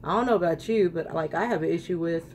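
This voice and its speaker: A woman's voice: lowish voice, fast, darkish tone, a little hiss or hum. A woman chatting to her viewers while doing a makeup tutorial, ranting casually about lashes and palettes. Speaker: beauty vlogger.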